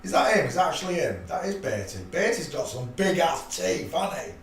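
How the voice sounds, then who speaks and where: A man hosts a rambling live stream, muttering to himself and chuckling in a blunt, offhand way. His voice is a little high with big pitch swings and a fairly quick pace. The room is echoey, the mic distant, with faint hiss.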